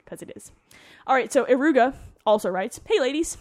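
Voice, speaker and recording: Female co-host, slightly high voice, giggly and foul-mouthed, casual podcast banter. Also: a little fast. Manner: giggly, swears freely. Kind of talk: casual chat, reading listener emails.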